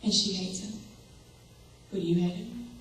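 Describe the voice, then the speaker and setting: A young woman delivers a sermon with earnest conviction in a mid-range, fairly even, unhurried voice, asking the people in front of her direct questions. She sounds far from the mic, her words echoing strongly as if in a large hall, with faint room noise underneath.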